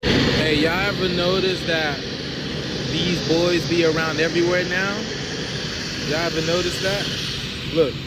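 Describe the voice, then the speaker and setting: A man's voice: a little high, fairly even intonation, measured pace, pauses often. A man filming himself on a phone outdoors at an air show, talking to viewers in a chatty, repetitive way. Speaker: phone video vlogger. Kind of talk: casual phone vlog. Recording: loud outdoor noise.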